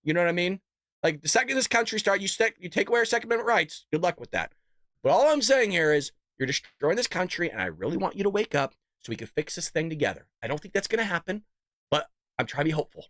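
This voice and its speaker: A man's voice: very animated, fast, no echo, studio quality. A man hosting a live political commentary stream, ranting heatedly with profanity and mock voices. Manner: heated, profane ranting that swings loud and high. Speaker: political commentary show host.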